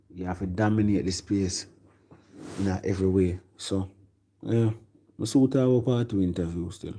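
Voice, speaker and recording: A man's voice: on the low side, dark tone, poor audio. A Jamaican man giving a rambling, casual music commentary that mixes patois with English. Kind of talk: casual chat.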